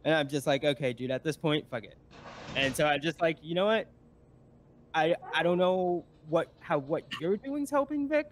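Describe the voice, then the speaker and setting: A man's voice: on the high side, lively intonation, normal speed, slight background noise. Rambling man telling a story. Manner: rambling, storytelling with many fillers and restarts. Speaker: guest. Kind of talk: casual stream chat.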